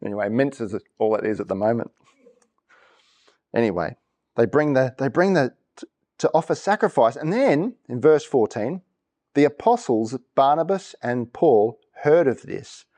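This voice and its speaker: A man's voice: medium pitch, moderate pace. A man preaching a sermon, reading verses and quizzing the congregation for reactions. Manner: lively, asks congregation for reactions. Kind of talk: interactive sermon. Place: church.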